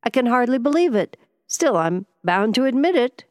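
A woman's voice: on the low side, expressive, normal speed, darkish tone, no room sound, studio quality, close to an everyday voice. A woman voicing a testy, ailing older male millionaire who speaks with vexed impatience.

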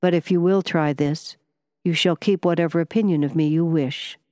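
A woman voicing a calm, serious male wizard and scientist who speaks quietly and in a measured way. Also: deep voice, no echo, clean studio sound, lightly acted.

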